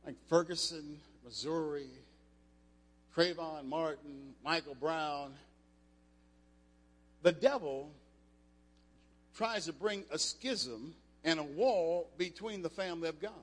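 Emphatic older preacher in an echoey hall. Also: male voice, on the high side, lively intonation, measured pace, long pauses, slightly rough. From United States. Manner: emphatic, rising to loud passages, with restarts. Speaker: preacher, former football player. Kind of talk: sermon.

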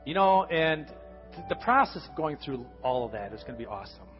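A man preaching a conversational sermon as pastor, his voice swinging from loud emphasis down to hushed lines. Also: on the high side, sing-song, brisk. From United States. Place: church sanctuary. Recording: lo-fi church recording with long reverb and faint music.

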